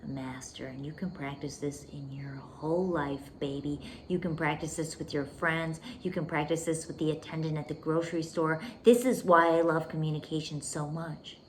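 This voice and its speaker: Woman host, low voice, intimate coaching monologue, faint hiss behind. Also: steady tone, normal speed, few pauses. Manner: intimate, emphatic, calls listener "baby", drops to whispers. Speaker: podcast host.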